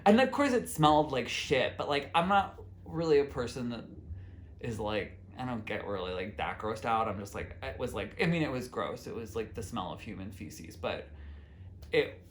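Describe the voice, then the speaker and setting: A man's voice: mid-range voice, lively intonation, normal speed, slight background noise. Rambling man telling a story. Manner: rambling, full of "like" fillers and self-quotes. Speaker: vlog host. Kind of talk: casual storytelling to camera.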